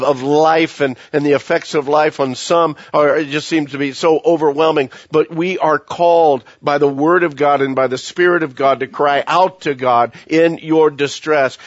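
A man preaching a sermon as pastor, earnest and repetitive, often dropping his voice to a hush for emphasis. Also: a little high, no room sound. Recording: dull, lo-fi sound.

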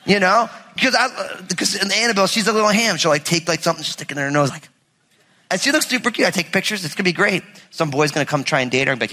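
A man, a pastor, preaching a lively, conversational sermon with humor in a church. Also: high voice, fast talker, long reverb tail, slight background noise.

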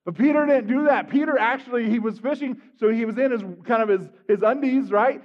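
Male preacher, high voice, animated, swings loud to soft, long hall reverb, muffled sound. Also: fairly quick, few pauses. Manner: animated storytelling, acting out scenes, swings from loud to hushed. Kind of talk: sermon.

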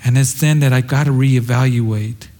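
A man's voice: medium pitch, steady tone, moderate pace, warm tone. Middle-aged male pastor, sermon delivery, earnest and reflective, mid-range voice. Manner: earnest, reflective, quotes scripture tenderly.

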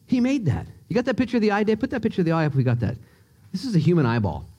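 A man preaching from the pulpit with a notably high voice for a man. He's animated and playful, cracking jokes and getting excited as he tells stories to his congregation through a microphone. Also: racing, slightly rough. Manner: animated, joking, excitable storyteller. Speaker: pastor. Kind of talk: sermon. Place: church sanctuary.

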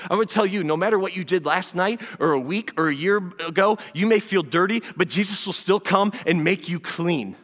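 A man preaching in a high, ringing voice. His delivery is earnest and conversational, and he often drops into quiet, slow asides. The voice carries a long reverb, as in a large hall. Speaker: pastor. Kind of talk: sermon.

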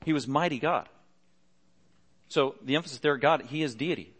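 A middle-aged male pastor preaching a sermon earnestly, pressing harder and louder on key points. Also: on the high side, normal speed, breathy edge.

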